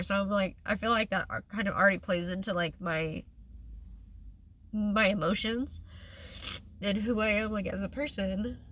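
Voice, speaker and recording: A woman talks straight to her viewers in a candid vlog. Her voice is bright and tense, and she rambles earnestly, full of ums and restarts. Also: medium pitch. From Oklahoma. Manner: rambling, earnest, with frequent fillers. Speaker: vlogger.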